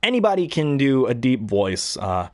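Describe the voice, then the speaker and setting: A man with a baritone voice, a hobby voice actor chatting casually, who rambles and often clears his throat. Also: big pitch swings, moderate pace, no room sound, clean studio sound. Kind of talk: casual talk to camera.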